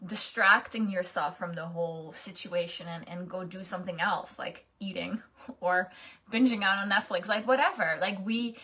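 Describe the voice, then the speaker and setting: A woman's voice: on the low side, moderate pace, sharp tone, breathy edge. A young adult woman coaching in a casual, chatty monologue, often restarting and asking "right?".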